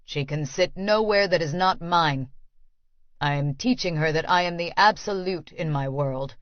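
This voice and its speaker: A woman voicing a cold, controlling man who speaks in a flat, even tone. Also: fairly low pitch, a little slow, no room sound, lo-fi sound, natural voice. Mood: cold, commanding. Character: cold commanding man posing as a master.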